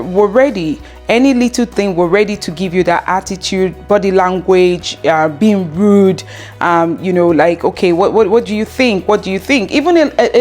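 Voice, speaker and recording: A woman's voice: on the low side, darkish tone. A woman in her thirties giving casual relationship advice, chatty and full of fillers, acting out bits of dialogue. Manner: chatty, acts out quoted dialogue, frequent fillers and laughs. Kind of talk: casual advice monologue to camera.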